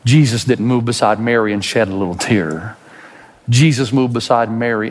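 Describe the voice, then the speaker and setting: A man preaching a sermon as pastor, dramatic, rising to loud high outbursts and dropping to slow hushed passages. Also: long reverb tail, slight background noise.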